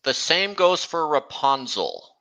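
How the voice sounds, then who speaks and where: A man chatting casually on a stream, talking slowly and haltingly with frequent restarts. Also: fairly high pitch, big pitch swings, bright, forceful tone, rough recording. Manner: halting, many restarts, slow and meandering. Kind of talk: casual chat.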